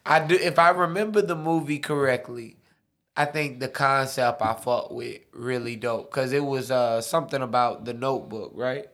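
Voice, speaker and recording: A man's voice: mid-range voice, normal speed, fairly bright tone. A man co-hosting a podcast in casual chat, easygoing and trailing off with fillers. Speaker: podcast co-host.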